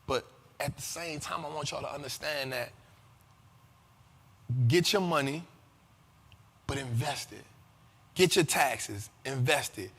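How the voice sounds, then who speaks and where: High, forceful man talking in a reverby space. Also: a little slow, pauses often, husky. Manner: animated and profane, keeps asking "you feel me?". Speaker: host of a money and investing show. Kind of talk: casual commentary.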